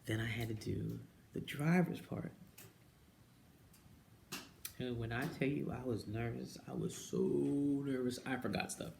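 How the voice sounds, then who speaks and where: A woman talking casually to camera, telling her own story and jumping up high when she quotes people. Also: measured pace, creaky, long pauses, slight background noise. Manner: animated storyteller who mimics people with high-pitched quotes and drops into whispers. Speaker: direct-sales jewelry consultant. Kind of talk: casual personal vlog monologue.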